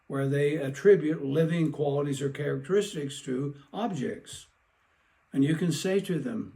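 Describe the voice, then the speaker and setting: A man giving an educational talk on child development, lively and acting out playful exchanges with children. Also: fairly high pitch, creaky. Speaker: parenting expert.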